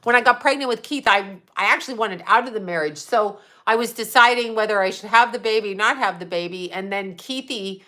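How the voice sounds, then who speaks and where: Woman, fifties, bright tone, blunt, sarcastic, swears a lot, laughs often, casual livestream chat. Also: mid-range voice, a little fast, hardly any pauses. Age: 50s. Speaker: psychic medium and livestream host.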